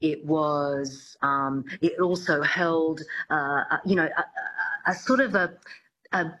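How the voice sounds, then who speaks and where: A woman accent coach, a radio interview guest, explaining her subject. Her voice is on the low side, and she often stops and restarts as she searches for words. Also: slow pace, a bit bright, slight background noise, low-quality recording. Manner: explanatory, with frequent hesitations.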